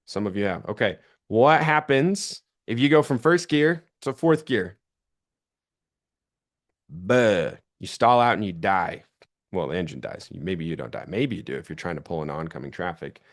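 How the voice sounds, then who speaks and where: A man's voice: deep voice, a little fast. A young man giving a sales training talk to an audience, telling stories and acting out the people he quotes. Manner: animated storytelling, acts out quoted voices.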